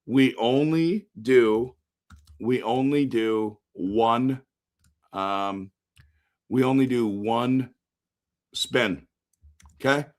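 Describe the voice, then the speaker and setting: A man with a hoarse, worn-out voice hosting a casual live-stream post-game show, rambling, answering chat and breaking into excited outbursts. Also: medium pitch, drawn-out words, long pauses. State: hoarse, voice shot.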